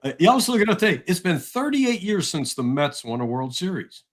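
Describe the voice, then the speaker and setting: A man's voice: high-pitched, very animated, normal speed. Rambling, friendly male radio co-host. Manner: friendly, rambling with many fillers. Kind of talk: casual radio sports chat. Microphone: studio microphone.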